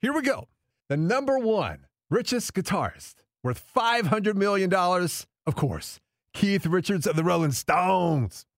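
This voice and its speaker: A man's voice: sits high, animated, measured pace, no room sound, clean studio sound. A man hosting a radio podcast, reading a countdown list in an upbeat, chatty way. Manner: upbeat, chatty, repeats "of course". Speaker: radio host.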